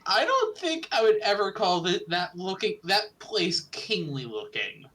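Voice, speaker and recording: A man's voice: high-pitched, big pitch swings, a little slow, bright, forceful tone. A man co-hosting a visual novel let's play, trading playful mock threats and jokes. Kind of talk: casual game commentary.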